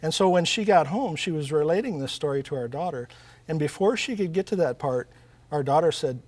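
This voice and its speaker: A man's voice: on the high side, lively intonation, fairly quick, darkish tone. A man, an author and guest in an interview, talking earnestly about faith and family, telling stories with frequent restarts. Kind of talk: interview conversation.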